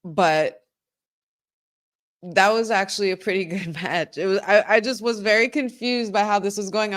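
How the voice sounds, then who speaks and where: A woman with a medium-pitched voice hosts a live watch-along stream at a normal speed. She reacts excitedly to the action and talks to her viewers.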